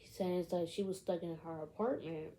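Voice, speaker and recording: A woman's voice: fairly low pitch, steady tone, normal speed, warm tone, slight background noise, poor audio. A woman casually retelling a film's plot in a rambling way, filling every gap with "like" and "you know". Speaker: film recap vlogger.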